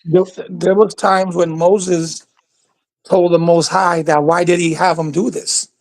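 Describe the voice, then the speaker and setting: A man as a guest on a casual livestream, speaking in a measured, hesitant way with frequent ums. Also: high voice, little pitch movement, creaky.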